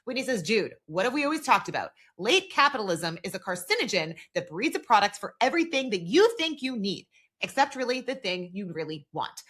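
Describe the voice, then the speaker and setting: A woman's voice: medium pitch, normal speed. A woman co-hosting a podcast, recapping a TV episode in casual chat and acting out the characters' lines. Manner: animated, recounts dialogue in quoted voices. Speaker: podcast co-host.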